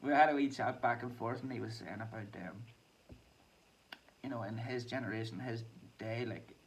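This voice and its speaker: A man rambling casually through a vlog, self-deprecating and quick to laugh. His mid-range voice has a gravelly edge. He sits back from the microphone, with a faint hum of background noise. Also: mid-range voice, far from the mic, low-quality recording. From Ireland. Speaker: musician and vlog host.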